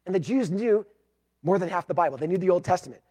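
A pastor preaching a sermon, emphatic, moving between loud declarations and hushed, pleading passages. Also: male voice, sits high, animated, fast.

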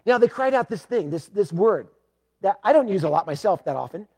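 A pastor preaching a sermon, emphatic, moving between loud declarations and hushed, pleading passages. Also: male voice, sits high, expressive, a little fast, slightly rough.

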